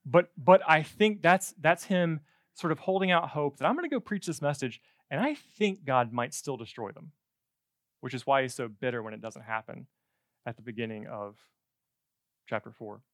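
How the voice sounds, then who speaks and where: Animated, joking male preacher. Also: mid-range voice, moderate pace, dry recording, clean studio sound. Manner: animated, conversational, jokey asides. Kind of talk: sermon.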